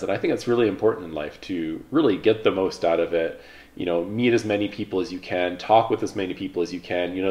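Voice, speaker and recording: A man in his thirties casually telling stories about his past, relaxed and rambling, with lots of fillers. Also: on the low side. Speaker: vlogger, pilot. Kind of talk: casual reflective storytelling.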